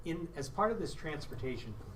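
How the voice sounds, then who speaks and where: A man's voice: fairly high pitch, very animated, brisk, fairly bright tone. A man at a town board meeting, cautiously explaining practical concerns. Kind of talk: municipal board meeting discussion. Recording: distant mic, faint room hum.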